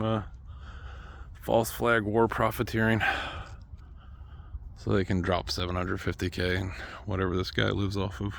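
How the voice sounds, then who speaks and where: Low gravelly man, rambling. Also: a little hiss or hum. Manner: rambling, trails off, then sudden loud outbursts. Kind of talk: rambling monologue to camera.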